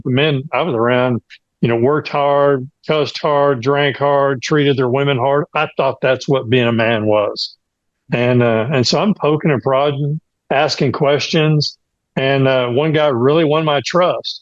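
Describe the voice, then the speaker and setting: A man's voice: medium pitch, no room sound, lo-fi sound. A man giving an earnest personal testimony as a guest, with frequent fillers. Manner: earnest storytelling, many fillers.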